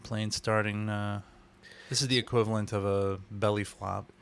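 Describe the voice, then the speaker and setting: A man's voice: on the low side, flat delivery, moderate pace, gravelly, noisy background. A man co-hosting a casual movie commentary, chatty and musing, often trailing off mid-thought. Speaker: podcast co-host.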